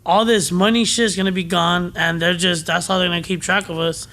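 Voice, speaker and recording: A man's voice: high voice, fairly even intonation, brisk, bright, forceful tone. A man, a podcast guest, bantering loosely in profane slang. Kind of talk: casual podcast chat.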